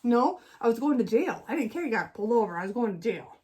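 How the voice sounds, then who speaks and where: A woman's voice: on the high side, fast. A middle-aged woman co-hosting a casual chat, telling a story with lots of acted-out voices. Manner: animated storyteller, acts out voices. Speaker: co-host.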